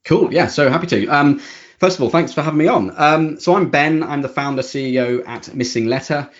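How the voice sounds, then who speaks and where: A man from the UK, a company founder, explaining his product in a relaxed podcast interview with some stammering restarts. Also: a little high, brisk, highs cut off.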